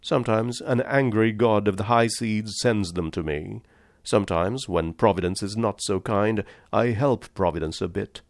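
A man's voice: lowish voice, normal speed, no echo, clean studio sound, natural voice. A man reading the part of a polished, amused and condescending aristocratic general with cold-blooded views. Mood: suave.

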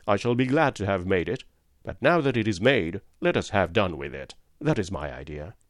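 A man voicing a blunt, restless Canadian harpooner in a storybook reading, plain-spoken and gruff. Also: sits low, very animated, normal speed, no room sound, studio quality.

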